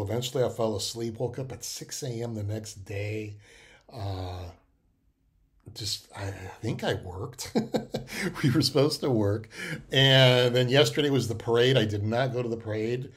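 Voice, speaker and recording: A man's voice: on the low side, measured pace. Emotional rambling man. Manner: emotional, rambling, with many restarts and fillers. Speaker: podcast host. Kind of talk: casual personal monologue.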